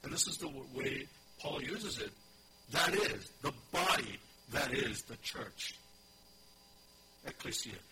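A man preaches a teaching sermon in a middle-pitched voice, stressing and repeating key phrases and asking his congregation questions. The recording carries steady background noise and a low hum. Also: slow, rough recording. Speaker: pastor.

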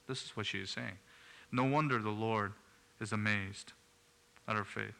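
A man's voice: on the low side, fairly even intonation, moderate pace, vocal fry, pauses often, bright, forceful tone. A man preaching a sermon in an earnest way, rising to emphatic bursts.

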